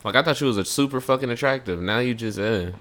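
A man's voice: medium pitch, fast talker, fairly bright tone. A young man in laid-back, profane casual chat, often repeating himself.

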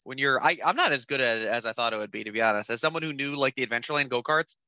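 A man's voice: mid-range voice, rapid-fire, pushed and bright, no room sound. A young man telling stories in casual podcast chat, loose and laughing, full of fillers.

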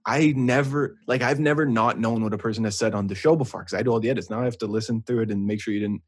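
A man co-hosting a casual podcast, teasing his co-host in playful, excitable banter. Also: medium pitch, fast, breathy edge.

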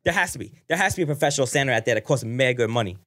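A man hosting a casual podcast, reacting excitedly to a video with lots of swearing and laughter. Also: mid-range voice, very fast. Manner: excitable, profane, laughing often. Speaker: podcast host.

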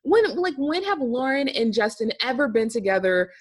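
A woman's voice: a little high, sing-song, normal speed. A woman co-hosting a casual recap podcast, ranting with exasperation and laughing often. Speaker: podcast co-host.

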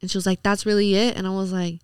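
A young woman speaks as a podcast guest, her voice very smooth and clean and her tone at an ordinary middle pitch. She tells the story casually and chattily, full of "like" and acted-out quotes. The sound is close and dry, with no room around it. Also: flat delivery, quick pace, darkish tone, no echo. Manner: chatty, retells the night with quoted dialogue and "like"s.

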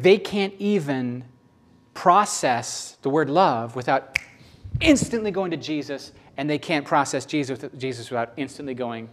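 A middle-aged man delivers a sermon as conversational, emotional storytelling, his pitch rising suddenly at moments.

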